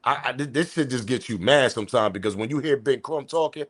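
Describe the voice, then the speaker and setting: A man's voice: mid-range voice, a little fast. Emphatic profane male commentator. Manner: profane, emphatic, loud outbursts. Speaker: commentary channel host. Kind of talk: ranting news commentary.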